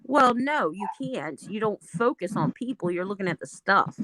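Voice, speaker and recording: A woman's voice: medium pitch, expressive, normal speed, a crowd in the background. A woman guest on a live stream, explaining things at length in frank, casual chat. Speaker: YouTuber guest. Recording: noisy line with clear hiss.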